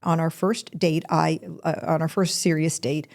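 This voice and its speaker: Gravelly low-voiced woman telling a story. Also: little pitch movement, normal speed, darkish tone. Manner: chatty and rambling, with frequent restarts and asides. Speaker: podcast host. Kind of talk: personal storytelling monologue.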